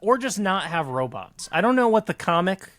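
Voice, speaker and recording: A man's voice: sits high, sing-song, normal speed, fairly bright tone, no room sound. A man co-hosting a podcast in casual chat, mostly agreeing in short replies. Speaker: podcast co-host.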